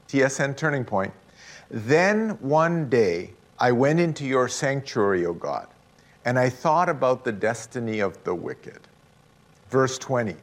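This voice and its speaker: A middle-aged man preaching a sermon, expressive and acting out the voices he quotes. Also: medium pitch. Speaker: pastor.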